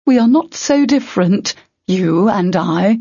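A woman reading an audiobook, voicing a grim, menacing female ogre who speaks slowly and heavily. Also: mid-range voice, animated, dark tone, breathy edge, no room sound, pitched above the performer's own voice. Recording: dull lo-fi.

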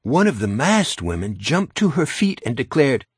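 Husky-voiced male audiobook narrator. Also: mid-range voice, very animated, moderate pace, no echo, clean studio sound. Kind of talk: scripted narration.

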